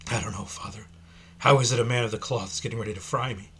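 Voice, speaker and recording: A man voicing a defiant male death-row prisoner with a gruff, defiant manner. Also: on the low side, fast talker, a bit bright.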